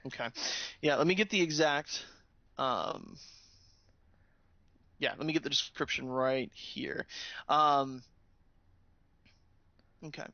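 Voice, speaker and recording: A man's voice: mid-range voice, slow, creaky, pauses often, sharp tone, no room sound. A man co-hosting a casual podcast, reading a scene aloud and rambling with fillers and laughs. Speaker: podcast co-host. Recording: dull lo-fi sound.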